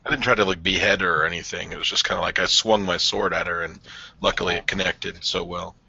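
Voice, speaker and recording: A man playing a tabletop game, talking casually and excitably, his voice jumping up when he asks things. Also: low voice, fast, vocal fry, husky, lo-fi sound. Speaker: player.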